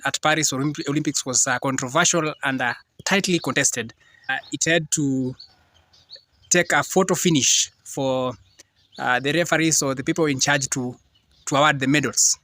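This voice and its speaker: A man giving casual sports commentary in a halting way, with frequent "uh" pauses. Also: medium pitch, sharp tone.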